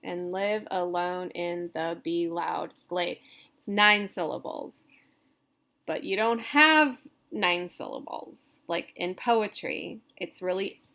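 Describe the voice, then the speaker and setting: A woman instructor talks through poetic meter at an unhurried, slow pace. She explains loosely, with many fillers and self-corrections along the way. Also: lowish voice, creaky, fairly bright tone. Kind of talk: recorded lecture on poetry meter.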